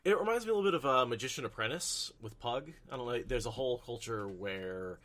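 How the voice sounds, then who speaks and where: A man's voice: medium pitch, expressive, fast talker, fairly bright tone. A man co-hosting a casual book podcast, talking in long rambling comparisons full of restarts. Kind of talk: casual book discussion chat.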